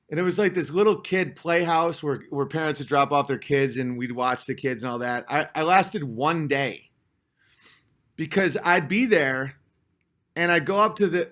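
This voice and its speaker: A man's voice: a little high, sharp tone. A man in his thirties, a comedian hosting a livestream, telling rambling self-mocking stories and acting out other people's lines. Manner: chatty, self-mocking, acts out others' voices in quotes. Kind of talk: rambling comic storytelling.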